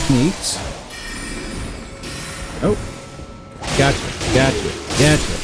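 Let's play commentary, playful, giggly, very lively pitch, slow delivery, game music behind. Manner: playful and giggly, talking to enemies and humming along. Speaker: video game streamer.

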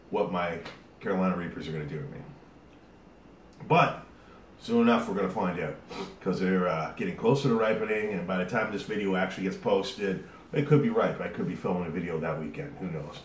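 Man, very low voice, casual rambling channel host, sweating; off-mic in an echoey room. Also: fairly quick, recorded from a distance. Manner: rambling, chatty, with many fillers. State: sweating from eating a hot pepper. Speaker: YouTube host. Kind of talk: casual vlog talk to camera. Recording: roomy echo, off-mic, faint hiss.

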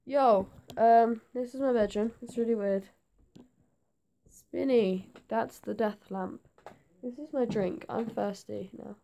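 A teenage girl, rambling to camera in her bedroom; her voice is going hoarse, and she is scatterbrained and jumpy. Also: fairly high pitch, slow, dark tone. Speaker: gaming vlogger. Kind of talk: rambling casual vlog to camera.

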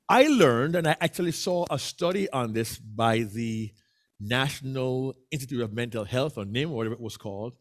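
A man from Jamaica with a Jamaican accent, leading an interactive speaking workshop and coaxing answers from the audience. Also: a little high. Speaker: workshop presenter. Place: meeting room with a hybrid online audience.

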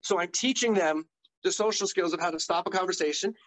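A middle-aged man, an occupational therapist and guest, telling stories in an animated, enthusiastic conversational way. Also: high-pitched, fairly quick, rough recording. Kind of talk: conversational interview storytelling.

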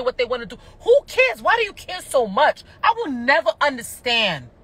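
A reality TV personality goes live on her phone from indoors at home, ranting in a passionate, annoyed way and cursing. Her voice is a little high, pushed and bright.

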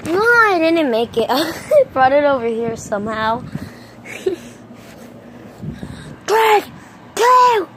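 A woman chatting into her phone outdoors in a casual vlog, her voice high and swooping all over. She talks slowly, with playful sound effects and sudden excited yelps. The recording is noisy, with thunder and rain behind her. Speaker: vlogger. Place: outdoors in a storm. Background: thunder and rain noise.

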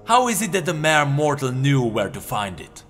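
A man's voice: mid-range voice, sing-song, normal speed, fairly bright tone, long reverb tail, soft background music. A man doing a growling wolf-like warrior. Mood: menacing. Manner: growling, threatening. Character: hulking snarling wolf-like warrior, menacing.

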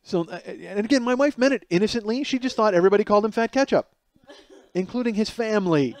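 A man in his forties hosting his own podcast, telling a rambling comic story that climbs higher and louder as he gets worked up. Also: expressive, fast talker. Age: 40s. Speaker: podcast host. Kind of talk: casual comedic monologue.

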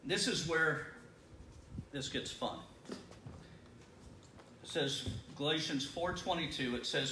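A middle-aged man teaches a Bible study in a loose, folksy, conversational way, often doubling his words. His voice is bright and sits a little high. He is heard from off the mic in an echoey room. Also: takes it slowly, pauses often, distant mic, slight background noise. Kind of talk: sermon-style Bible teaching. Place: congregation room.

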